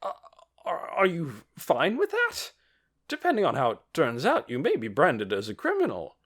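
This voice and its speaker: A man voicing a pushy, self-righteous male official who talks in a loud, blustering, overeager way in an audiobook. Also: a little high, wildly swooping pitch, normal speed, pitched above the performer's own voice, exaggerated voice. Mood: pressing.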